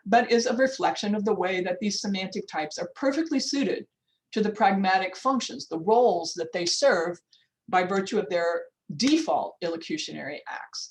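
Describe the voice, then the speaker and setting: A woman's voice: medium pitch, poor audio. An older woman professor lecturing on linguistics over a video call, informal and chatty, with frequent restarts and asides. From United States. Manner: frequent restarts, checks the time aloud. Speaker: linguistics professor giving a workshop talk. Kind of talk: academic lecture.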